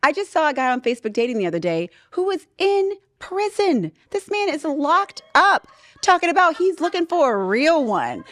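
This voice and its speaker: A woman in her thirties hosts her podcast from a studio, talking casually with sassy, animated storytelling. Her voice sits a little high and swoops widely up and down. The recording is close and dry. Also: normal speed, no echo. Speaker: podcast host. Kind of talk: casual chat.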